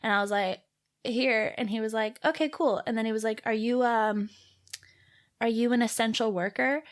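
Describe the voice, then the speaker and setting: A woman's voice: a little high, moderate pace. A young Canadian woman in her twenties co-hosting a podcast, telling a story in casual chat and acting out the people in it. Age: 20s. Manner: animated storytelling with acted-out quotes. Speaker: podcast co-host.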